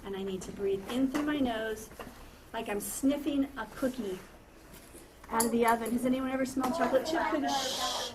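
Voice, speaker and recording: Speaking a little fast in a somewhat high voice, a woman leads a first grade lesson. She patiently poses questions and says the students' answers back, heard through a distant mic amid classroom noise.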